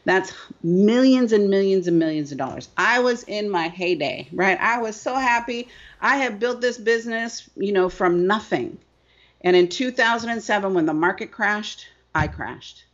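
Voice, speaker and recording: A woman's voice: medium pitch, normal speed. A middle-aged woman business coach telling her story emphatically in an interview, often asking "right?". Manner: emphatic, repeats phrases, asks "right?" often. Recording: dull lo-fi sound.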